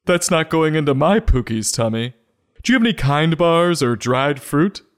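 A man's voice: a little high, expressive, moderate pace, voice pushed up, natural voice. A man voicing a fussy, health-obsessed mother who scolds in a prissy way. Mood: disapproving.

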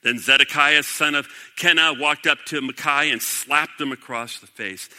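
A man's voice: medium pitch, normal speed, hardly any pauses, sharp tone, long reverb tail. A man preaching a sermon, reading scripture aloud and breaking off to comment, rising to emphatic declarations. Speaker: pastor.

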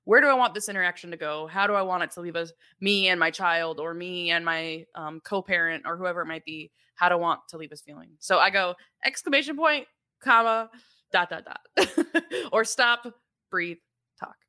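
A woman's voice: fairly low pitch, brisk, sharp tone, clean tone. A young adult woman co-hosting a parenting podcast, explaining things in a chatty, casual way with frequent laughs and fillers. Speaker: podcast co-host.

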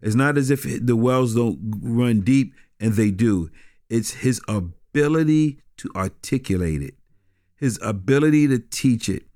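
A man, a pastor talking in a casual interview, halting and repeating words, laughing often. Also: mid-range voice, animated, a little mellow, dry recording, studio quality. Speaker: pastor and guest.

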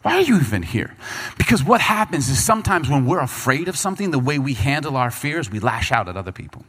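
A man preaching a sermon, reading scripture and breaking into quick acted asides as the people he talks about. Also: medium pitch. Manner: animated preaching, voices Bible figures and people in quick asides. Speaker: pastor.

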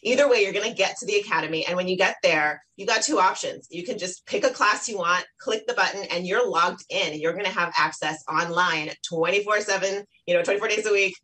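A woman with a slightly low voice talks as a guest on parenting. She is lively, jumps up in pitch when she quotes herself, and explains things plainly and conversationally. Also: a little fast, few pauses, low-quality recording. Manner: lively, warm, plugs her online academy, acts out quotes. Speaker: guest expert on children's self-esteem. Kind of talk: casual interview talk.

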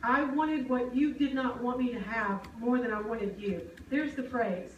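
Woman preacher, high voice, roomy hall sound from a distance. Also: a little fast, few pauses, dull audio, a little hiss or hum. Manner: earnest, conversational, asks the crowd questions. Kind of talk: sermon. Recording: echoey hall, mic at a distance.

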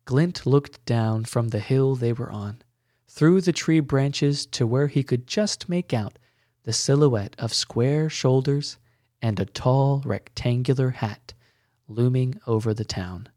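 Male storyteller, scripted narration, slow and measured, close dry sound. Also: medium pitch, warm tone, dry recording.

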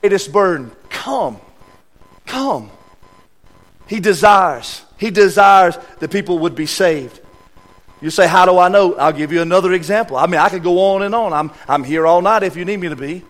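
Male guest preacher, high voice, emphatic church sermon, loud bursts and quiet asides. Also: animated, normal speed, soft background music. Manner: emphatic, repeats key words, swings between loud and hushed. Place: church sanctuary.

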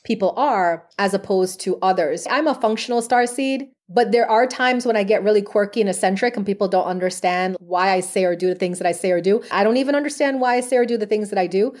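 A woman talks as a guest on a podcast, her voice sitting at an ordinary middle pitch. She tells her stories in an earnest, chatty way, sprinkling in casual fillers as she goes. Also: fast, hardly any pauses, a little mellow. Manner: earnest storytelling with frequent "like" fillers. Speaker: podcast guest, medium and past life regression therapist. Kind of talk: conversational interview answers.

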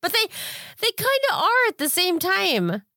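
A woman's voice: extremely high pitch, huge pitch swings, unhurried, bright, forceful tone, dry recording, studio quality. A woman co-hosting a podcast, reacting and joking casually. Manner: reactive, jokey, laughs often. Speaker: podcast co-host. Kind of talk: casual chat.

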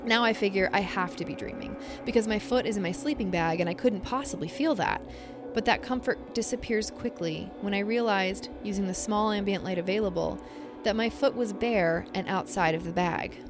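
A young woman co-hosting a podcast, reading out a scary camping story before sliding into loose chat. Her voice sits at an ordinary middle pitch, and she talks in animated bursts with lots of ums and restarts. Faint music plays behind her. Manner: animated, halting storytelling with fillers. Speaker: podcast co-host.

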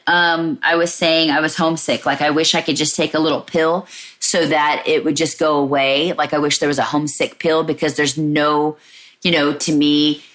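Low-voiced woman podcaster musing candidly. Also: a bit bright. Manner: candid and searching, with frequent "like" and "you know". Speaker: podcast host. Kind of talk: reflective solo podcast talk.

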